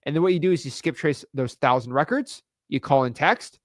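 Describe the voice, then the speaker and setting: A man coaching viewers in an energetic video lesson, fast, slangy and emphatic, repeating words for punch. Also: fairly high pitch, dry recording, clean studio sound. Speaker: real estate wholesaling coach.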